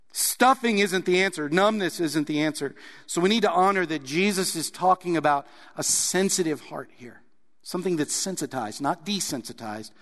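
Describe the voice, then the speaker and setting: A man preaching a sermon in an earnest way, sometimes pressing hard on a point and then dropping soft. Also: sits high, big-room sound. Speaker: pastor.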